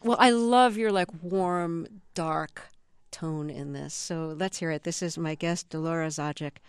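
A woman hosts the interview with curiosity and self-deprecating humor, laughing easily. Her voice is smooth and slightly low. The studio sound is dry and close. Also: unhurried, no echo. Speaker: radio interview host. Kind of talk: interview conversation.

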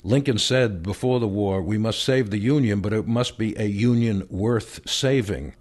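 A man, a historian guest on a radio interview, explaining in a measured way and chuckling now and then. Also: fairly low pitch, darkish tone. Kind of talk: radio interview, then reading a speech aloud.

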